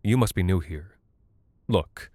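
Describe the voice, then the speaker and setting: A man's voice: sits low, takes it slowly, dry recording, studio quality. A man reading a story who voices a strange, playful young woman drifter in a raised voice. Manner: playful, teasing, shouting over noise.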